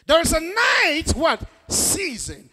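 A male pastor preaching an emphatic sermon, often shouting and drawing call-and-response from the congregation. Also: very high voice, big pitch swings, takes it slowly.

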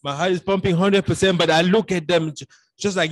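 High-voiced Cameroonian man telling a dramatic story. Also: brisk, dry recording. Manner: dramatic storyteller, acts out his own past dialogue. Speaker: podcast guest. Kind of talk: storytelling in casual conversation.

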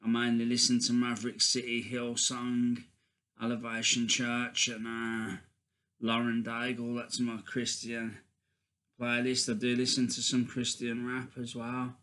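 A man talking casually to his viewers in a faith vlog, halting, with many ums and restarts. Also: mid-range voice, monotone, pushed and bright. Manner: addresses viewers as guys. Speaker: vlogger.

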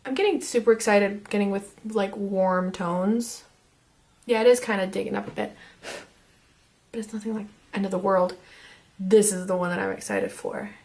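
A young woman casually reviewing makeup as she swatches it, chatty and excitable and half losing her voice. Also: medium pitch, moderate pace, pauses often. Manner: chatty and excitable, drops to whispers. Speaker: beauty vlogger.

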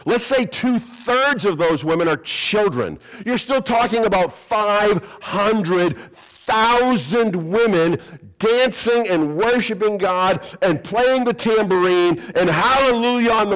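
A man preaches to his congregation with an animated storytelling manner. He acts out little quoted voices and jokes along the way. His voice sits a touch higher than most men's. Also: low-quality recording. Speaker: pastor. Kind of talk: sermon. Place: church sanctuary.

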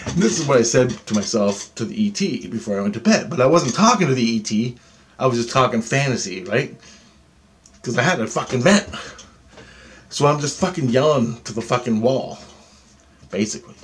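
A man telling a story about alien contact, swearing heavily, agitated and animated. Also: medium pitch, normal speed. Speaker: self-described alien contactee. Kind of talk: storytelling monologue.

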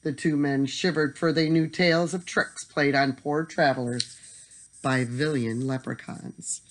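Casting: a mid-pitched, expressive bedtime story reader. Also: a little slow.

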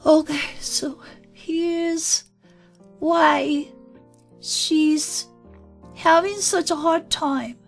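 A woman's voice: very high-pitched, exaggerated voice. A woman speaking as her inner child, an earnest, anxious five-year-old girl who rambles and apologizes. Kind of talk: spoken channeling session.

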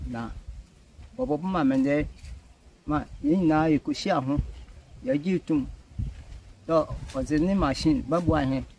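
Ghanaian man w fante accent, high voice, earnest, outside in a village w faint noise. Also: animated, slow, pauses often, a little mellow, poor audio. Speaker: community member. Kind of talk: speaking to a local news camera.

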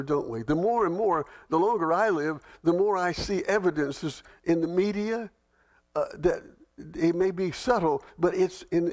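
A middle-aged male pastor leading a Bible study, telling folksy stories and reading scripture aloud. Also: on the high side.

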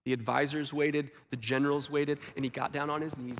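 A man preaching a sermon in a church, earnest, acting out quotes and dropping softly into stories. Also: medium pitch, steady tone, brisk, hardly any pauses, long reverb tail, a little hiss or hum. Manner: earnest, acts out quotes, drops to soft tones for stories. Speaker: pastor. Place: church sanctuary.

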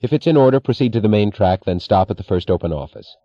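A man's voice: on the low side, animated, fast talker, no echo, highs cut off, lightly acted. A man reading the part of a woman railroad executive in her thirties, speaking with cool, unstressed authority. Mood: commanding.

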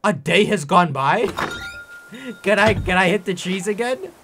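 Excitable young man ranting over gameplay. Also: high-pitched, takes it slowly, background noise. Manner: excitable, exaggerated frustrated rants. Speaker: gaming YouTuber. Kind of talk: let's play commentary.

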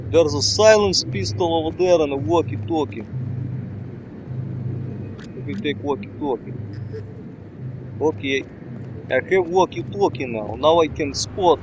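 A man talks through a stealth game in broken English. His voice sits a little high, and he speaks slowly and deliberately. Between the calm stretches he breaks into loud, excitable outbursts, with faint noise in the background. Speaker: gameplay commentator. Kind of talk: casual let's-play commentary.

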